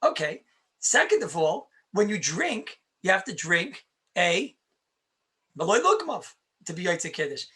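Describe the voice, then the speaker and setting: A man's voice: high-pitched, big pitch swings, a little slow, pushed and bright. A man, a rabbi, teaching Jewish law in a conversational lecture, stressing points by repeating them and answering his own questions.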